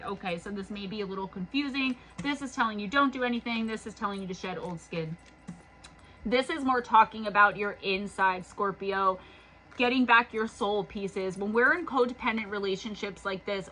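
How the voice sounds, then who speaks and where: Woman doing a spiritual tarot reading, kinda hoarse from talking all day, bright sharp voice, urging. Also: medium pitch, moderate pace, rough recording. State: losing her voice. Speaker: tarot reader.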